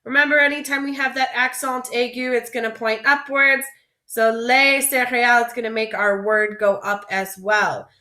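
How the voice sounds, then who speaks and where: A woman French teacher leading a vocabulary lesson, slowly drawing out each word for students to repeat. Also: a little high, level tone, bright, forceful tone, roomy sound. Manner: slow, drawn-out modeling of words for repetition.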